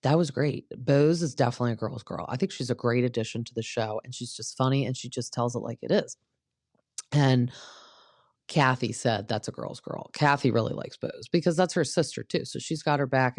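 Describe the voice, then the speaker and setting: A woman's voice: rumbling low, fairly quick, darkish tone, no echo, studio quality. A young woman hosting a casual recap show, chatty and opinionated, acting out what people said. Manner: chatty, opinionated, acts out quotes. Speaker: podcast host recapping reality TV. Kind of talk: casual chat.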